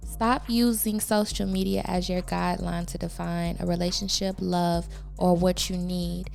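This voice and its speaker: A young woman hosting a casual podcast, her voice gravelly with vocal fry, quick to back up her guest. Faint music plays underneath. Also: lowish voice, level tone, darkish tone. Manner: affirming, quick to agree. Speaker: podcast host.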